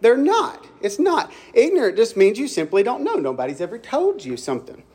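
A man's voice: very high-pitched, huge pitch swings, a little fast, darkish tone, breathy edge. A young man with a Southern accent from Mississippi, preaching a folksy storytelling sermon and asking the congregation questions.

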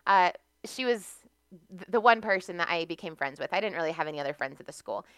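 Bright, clear-voiced woman telling stories. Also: fairly low pitch, animated, fast, no room sound. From United States. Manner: chatty storyteller, laughs often. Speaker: podcast guest. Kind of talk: casual podcast conversation.

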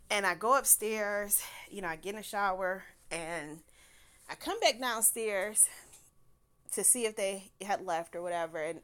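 A woman's voice: fairly high pitch, fairly bright tone. A young woman, telling a personal story in a candid, casual way, laughing often and swearing freely.

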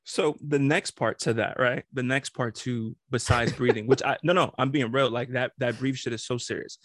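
A man's voice: mid-range voice, fairly even intonation, moderate pace, a bit bright, no room sound, studio quality. A man co-hosting a podcast, talking casually and reflectively with some profanity. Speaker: podcast co-host.

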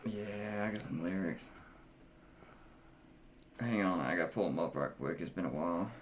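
A man's voice: sits low, moderate pace, slight background noise. A man in crude comedy banter, teasing and egging his co-host on with laughs. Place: studio.

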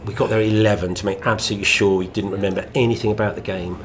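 A man in casual chat, telling lively anecdotes as a podcast co-host. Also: on the low side, racing, noisy background. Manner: animated anecdotal storytelling.

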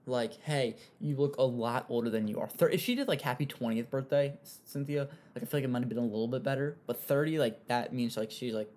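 A man's voice: medium pitch, fairly quick, few pauses. Rambling young man recapping gossip. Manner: rambling, heavy use of "like", animated asides. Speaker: commentary host. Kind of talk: casual drama commentary.

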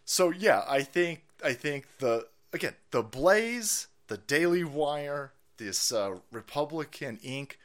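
A middle-aged man hosting a livestream, ranting about politics in a loud, profane, laughing way. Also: medium pitch. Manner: foul-mouthed, laughing, animated. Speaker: livestream host.

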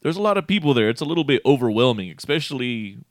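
A man's voice: medium pitch, quick pace, dry recording, studio quality. A man casually telling a rambling, profane story, often breaking into laughter. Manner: profane, laughing, animated retelling.

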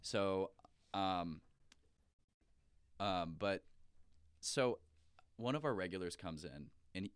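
Young guy on a podcast, lowish voice, dry close sound, swears a lot while telling a story. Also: takes it slowly, pauses often, clean tone, dry recording. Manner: animated storyteller, heavy swearing. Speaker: podcast co-host. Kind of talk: casual chat.

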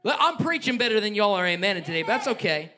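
Pastor preaching, higher voice, bright and sharp, gets passionate and jokey. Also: male voice, big pitch swings, fast, slight background noise. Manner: passionate, joking asides, reads scripture aloud. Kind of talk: sermon.

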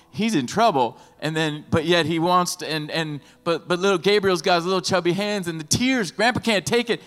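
Animated preaching man, high voice. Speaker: pastor. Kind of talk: sermon. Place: church sanctuary. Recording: long hall reverb with faint music.

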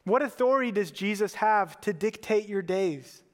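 A man with a high-pitched voice preaches a sermon in a church, earnest and conversational and dropping in casual fillers. His voice carries a long hall reverb behind it. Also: expressive, moderate pace. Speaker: pastor.

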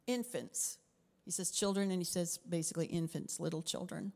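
Middle-aged Canadian woman pastor, lower voice, expressive sermon delivery with dips into whispers, echoing hall. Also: normal speed. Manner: expressive, drops to whispers for emphasis.

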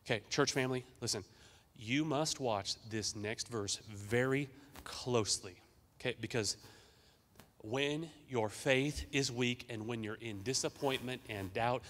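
A man preaching an energetic sermon as pastor, emphatic and urging the congregation to respond. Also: medium pitch, in a large hall.

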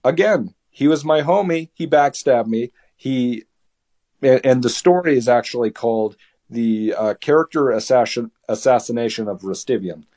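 A young man in his late teens, a podcast guest, tells a story casually in a heated, animated way, restarting his words often. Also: medium pitch, moderate pace.

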